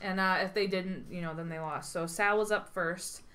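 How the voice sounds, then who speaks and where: A woman's voice: on the low side, fairly even intonation, normal speed, a bit bright. A woman co-hosting a casual podcast, recapping episodes with dry, teasing humor. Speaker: podcast co-host. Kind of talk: casual chat.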